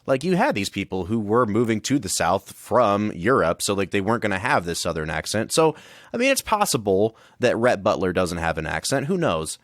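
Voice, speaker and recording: Male co-host, low and animated, analytical, dry close mic. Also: brisk, no echo. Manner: thoughtful, enthusiastic, analytical. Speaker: podcast co-host. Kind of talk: casual film discussion.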